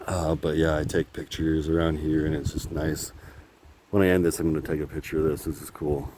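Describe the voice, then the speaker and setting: A man's voice: a bass voice, steady tone, moderate pace, a little mellow, slight background noise. A man vlogging on his phone while walking outdoors, talking in a meandering, candid way, laughing often and swearing casually. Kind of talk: rambling walk-and-talk vlog. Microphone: phone held while walking.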